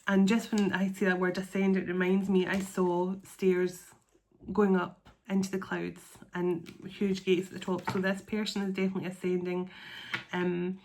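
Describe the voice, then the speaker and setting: A tarot card reader talks to her viewers in a soft, earnest, openly emotional way, drawing out her words as she gives an intuitive reading of the cards. Her mid-range voice has a flat delivery and a slightly slow pace.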